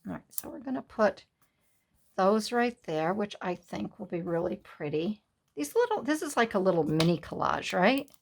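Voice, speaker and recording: A woman's voice: medium pitch, very animated, moderate pace, creaky. A woman hosting a collage craft video, chatting casually and telling stories while she works. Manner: chatty, storytelling, laughs easily.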